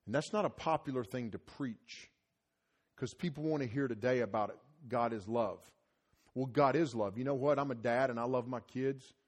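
A middle-aged man preaching a sermon at a conference, mixing scripture with lively personal stories and getting loud when excited. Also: normal speed. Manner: animated, rises loud and high when telling stories. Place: conference hall.

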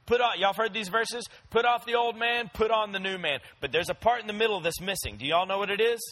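A man's voice: high-pitched, quick pace, sharp tone, rough recording. A young man preaching a sermon in a conversational, storytelling way, talking straight to his listeners. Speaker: pastor.

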